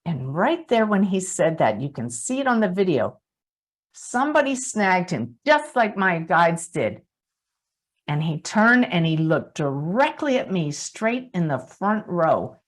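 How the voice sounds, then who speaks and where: A woman giving an earnest, storytelling webinar talk as a spiritual speaker, softening to a hush at the close. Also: fairly low pitch, very animated, measured pace. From United States.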